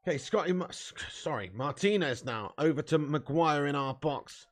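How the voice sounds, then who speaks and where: A man hosting a live football watch-along, commenting on play, cheering loudly and chatting casually with viewers. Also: on the high side, moderate pace, hardly any pauses. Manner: excitable, bursts into loud cheering, swears freely, chats to viewers. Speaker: fan watch-along host.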